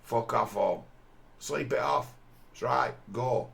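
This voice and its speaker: A man's voice: mid-range voice, takes it slowly, vocal fry, a bit bright. A man giving a crude, scornful commentary over a video, often mimicking the people he mocks.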